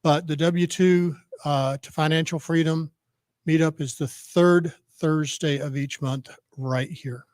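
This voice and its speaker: A man's voice: on the high side, fairly even intonation, unhurried, darkish tone, no room sound. A man in his sixties, the organizer, making plain, informal announcements about a meetup. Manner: plain, informal, self-correcting. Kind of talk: event announcements.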